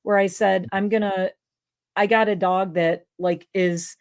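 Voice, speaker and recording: At a measured pace and steady tone, a woman with a medium-pitched voice hosts a casual livestream chat. As a dog trainer, she tends to ramble, filling her talk with fillers.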